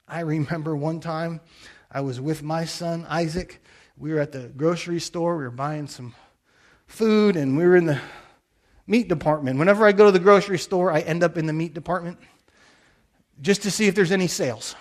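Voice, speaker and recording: A middle-aged man preaching a sermon, earnest and telling a personal story as a pastor. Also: fairly high pitch. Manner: earnest storytelling with quoted blessings.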